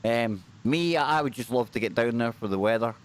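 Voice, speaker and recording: A man's voice: mid-range voice, brisk. A Scottish man co-hosting a paranormal livestream, chatting casually and upbeat, often repeating phrases for emphasis. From Scotland.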